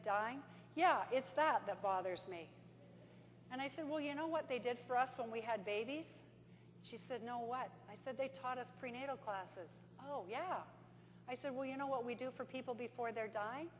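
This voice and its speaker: A woman giving a conference talk, telling stories and acting out dialogue in an animated way. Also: fairly high pitch, moderate pace. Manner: animated storyteller, acts out dialogue. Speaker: conference presenter. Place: conference hall. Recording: reverberant hall with faint hum.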